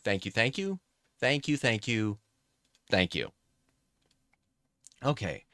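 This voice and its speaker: A male game streamer with a lowish voice that swings widely in pitch. He chats casually with his viewers and stops to correct himself. The recording is close on a desk mic and dry. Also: very animated, slow pace, a bit bright, dry recording. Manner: chatty, self-correcting, talks to chat. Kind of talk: casual gameplay commentary.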